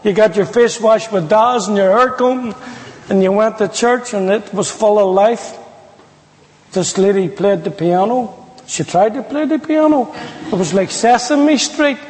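Long hall reverb surrounds a high, darkish-toned male voice that runs a little slow. He's an Irish-accented preacher recounting his testimony with humor and quoted lines, in a storytelling-sermon style.

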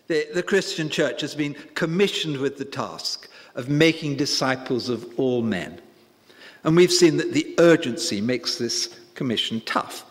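A man preaching a sermon in an emphatic, deliberate way, with stresses that rise on key words. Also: mid-range voice, big-room sound.

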